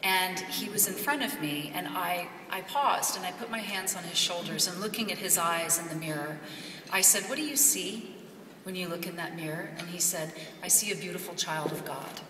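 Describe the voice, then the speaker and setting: A woman's voice: fairly low pitch, normal speed, noisy background. A woman giving an earnest, off-the-cuff speech at a gala. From Kentucky. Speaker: gala speaker. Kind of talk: extemporaneous speech. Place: large gala ballroom. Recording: echoey hall from far off, faint ambience.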